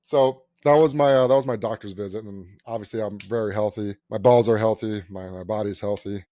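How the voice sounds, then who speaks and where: A man's voice: on the low side, fairly even intonation, fairly quick, warm tone, no echo. A man co-hosting a casual podcast, swinging his voice up and down as he tells a story and acts out the people in it. He swears freely and laughs through his telling. The sound is close and dry, with no room around it. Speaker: podcast co-host.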